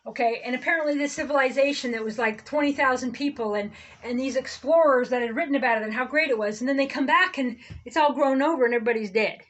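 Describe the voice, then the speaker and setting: A woman with a high voice talks through a loose spiritual monologue. Her tone runs sarcastic, and she wanders off on tangents, stopping and restarting her thoughts as she goes. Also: fast talker, low-quality recording. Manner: sarcastic, digressive, self-interrupting. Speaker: reverend, online host.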